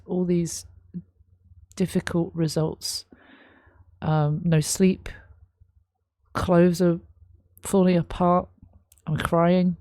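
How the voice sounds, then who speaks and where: A woman reacting to a song, reading lyrics aloud and explaining them in a thoughtful, halting way, with many ums. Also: on the low side, level tone, dark tone, dry recording, clean studio sound. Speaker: music reaction host. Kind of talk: casual reaction commentary.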